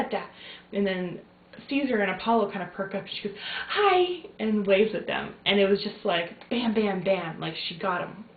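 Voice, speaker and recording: A woman's voice: mid-range voice, slight background noise. A young woman, a new mother, chatting casually to camera in a rambling way with many fillers. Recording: tinny lo-fi phone-like sound in echoey room.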